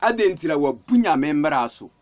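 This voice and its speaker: A man's voice: fairly high pitch, very animated, normal speed, darkish tone. A male pastor with a Ghanaian accent preaching a fervent sermon, repeating phrases and calling out to the congregation.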